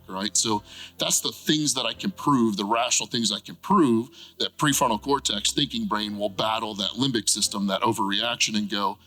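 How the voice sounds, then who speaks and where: A man talking through ideas in a relaxed conversational way, often checking in with "right?". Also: lowish voice, normal speed, faint music behind, rough recording. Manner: animated, frequent "right?" tag questions. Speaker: therapist guest. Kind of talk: conversational explanation.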